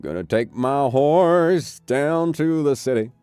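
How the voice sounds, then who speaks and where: A man voicing a swaggering cowboy with a twang, talking in a slow, challenging drawl. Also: medium pitch, warm tone, clean tone, no echo, faint music behind, pitched above the performer's own voice, lightly acted.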